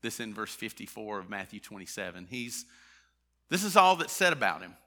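A man's voice: on the low side, very animated, fairly quick, sharp tone. A man preaching a sermon in a conversational way, with many fillers and restarts. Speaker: pastor.

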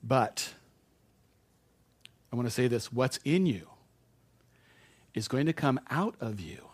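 A middle-aged man preaching a sermon in a conversational way, correcting himself and then suddenly getting loud to stress a point. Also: medium pitch, lively intonation, takes it slowly, long pauses, breathy edge. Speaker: pastor.

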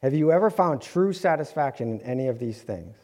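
A man's voice: medium pitch, animated, fairly quick, darkish tone. A man delivering an earnest sermon to his congregation, with light humorous asides. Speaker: preacher. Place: church sanctuary. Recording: long hall reverb.

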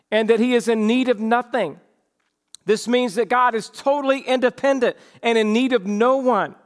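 A man's voice: very high voice, fairly bright tone. A man preaching a morning sermon as pastor, emphatic and shifting his pace for effect.

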